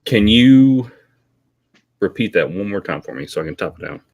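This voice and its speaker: A man's voice: on the low side, lively intonation, normal speed, darkish tone. A man playing a tabletop role-playing game, talking in a casual, blunt way. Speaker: player.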